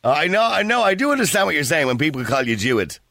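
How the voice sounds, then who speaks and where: Fast-talking Irish radio host. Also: male voice, fairly high pitch, creaky, no room sound, studio quality. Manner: animated, joking, laughs often. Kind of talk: phone-in radio talk.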